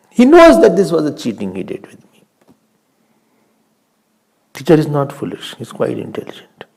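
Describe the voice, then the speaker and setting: An older Indian man with a gravelly, husky voice gives a spiritual talk. His pitch swings widely as he tells stories and asks questions, and he often drops to a whisper. His tone is dark and mellow. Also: wildly swooping pitch, unhurried, long pauses. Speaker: swami giving a spiritual talk. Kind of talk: spiritual discourse.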